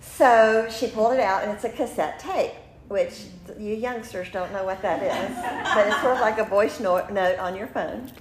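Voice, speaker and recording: A woman in her fifties tells a personal story with animated energy, breaking into laughs and acting out quotes. Her voice has a middling pitch. The recording sounds roomy, with a faint hiss underneath. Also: normal speed. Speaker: podcast host. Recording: roomy room with faint noise.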